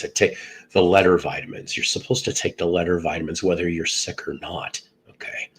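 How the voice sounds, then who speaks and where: A man's voice: low voice, fairly bright tone, slightly rough, rough recording. A middle-aged man who hosts a live stream, sounds congested from illness, and rambles with jokes as he greets viewers by name. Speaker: livestream host. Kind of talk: casual live chat with viewers.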